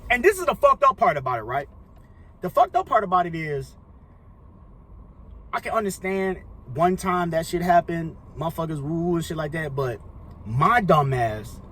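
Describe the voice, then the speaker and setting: A man's voice: fairly high pitch, sharp tone, breathy edge. A young man telling a casual storytime monologue, rambling and profane, full of slang fillers. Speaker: storyteller vlogger.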